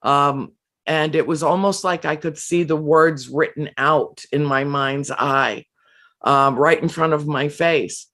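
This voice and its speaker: Woman interviewee, slow and heartfelt, stumbles and restarts as she shares a personal account. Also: deep voice, a bit bright. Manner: emotional, halting with frequent restarts and fillers. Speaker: guest. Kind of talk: earnest personal storytelling.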